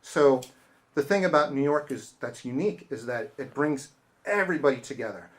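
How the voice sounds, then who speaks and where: A man's voice: medium pitch, lively intonation, moderate pace. Storytelling man at a bookstore talk. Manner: storytelling, acting out quoted people. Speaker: author giving a bookstore talk. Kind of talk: casual talk with audience Q&A. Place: bookstore event space.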